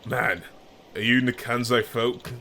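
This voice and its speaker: A man's voice: mid-range voice, fairly even intonation, unhurried, sharp tone, slight background noise. A young man streaming a video game, reading the characters' lines aloud with playful emphasis and joking at himself between them. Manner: reads character lines with playful emphasis and self-mocking asides. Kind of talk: let's play, reading game dialogue aloud.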